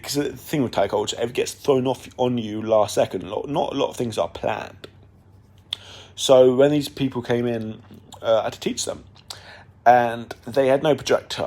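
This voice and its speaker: A man's voice: medium pitch, a little mellow. A young man talking casually on his own podcast, rambling with many fillers and restarts. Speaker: podcast host. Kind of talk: casual monologue.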